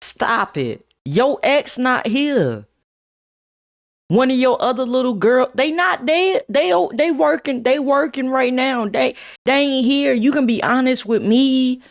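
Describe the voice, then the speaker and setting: A man doing a pushy young guy who keeps needling his buddy, his voice jumping high and staying there. He presses and prods in a knowing way, with a lot of swing in his pitch. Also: animated, a little slow, creaky, heavily acted. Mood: teasing. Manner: insistent, needling. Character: teasing young male friend, pushy and knowing.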